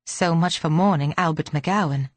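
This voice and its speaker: Low-voiced woman reading an audiobook. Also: normal speed, no echo. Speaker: audiobook narrator. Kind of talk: scripted narration.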